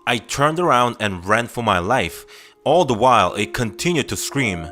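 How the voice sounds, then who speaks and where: Over loud music, a man with a mid-range voice reads first-person scary stories aloud at a moderate pace. His delivery is steady, grim, and confessional.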